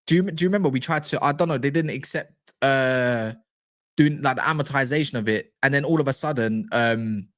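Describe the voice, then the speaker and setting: Man, animated livestream host; mid pitch, dry close sound. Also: no room sound. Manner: animated, slangy, quick restarts, stumbles over names. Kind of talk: casual livestream chat reading live comments.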